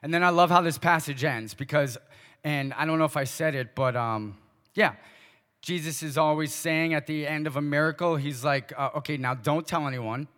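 A male pastor preaching a sermon, asking the congregation pointed short questions and dropping into quiet asides. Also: on the high side, normal speed, clear, resonant tone, big-room sound.

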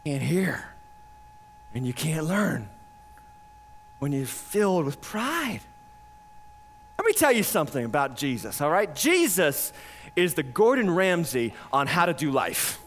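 High, lively-voiced male pastor preaching. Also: measured pace, long pauses, slight background noise. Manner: animated, emphatic preaching with bursts of shouting and laughter. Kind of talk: sermon.

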